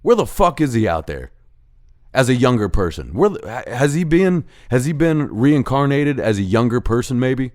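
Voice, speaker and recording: A man's voice: medium pitch, very animated, moderate pace, a little mellow. A man hosting a ranting monologue, profane and heated, acting out bits of dialogue as he goes. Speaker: host of a rant show.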